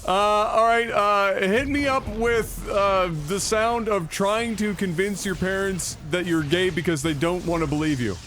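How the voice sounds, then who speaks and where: A man's voice: sits high, measured pace, hardly any pauses, a bit bright, faint music behind. A man co-hosting an esports podcast, casting a match in casual, teasing banter. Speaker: co-host and game caster.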